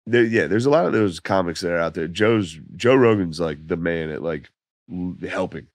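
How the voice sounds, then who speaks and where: A man telling laid-back, profane stories as a comedian guest on a podcast, his voice going hoarse. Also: deep voice, expressive, normal speed, no echo. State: losing his voice. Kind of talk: casual podcast chat.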